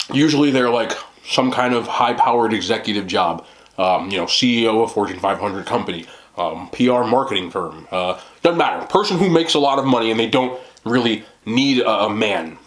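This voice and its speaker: A man's voice: on the low side, rough recording. A man hosting an eating video, chatting casually and rambling with many fillers and mocking asides. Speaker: mukbang host. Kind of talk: casual chat to camera.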